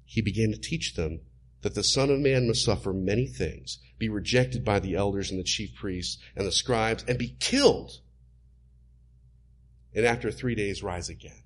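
A man's voice: fairly low pitch, moderate pace. A man preaching a sermon in an emphatic, teaching manner.

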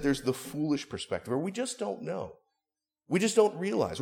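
Male pastor, conversational sermon delivery, highly varied intonation. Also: a little mellow. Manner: conversational preaching with frequent "right?" asides.

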